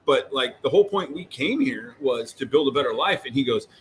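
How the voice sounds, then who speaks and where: A man co-hosting a podcast, chatting casually and telling animated stories with lots of fillers. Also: medium pitch, a little fast. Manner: rambling, animated storytelling with many fillers. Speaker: co-host. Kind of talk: casual chat.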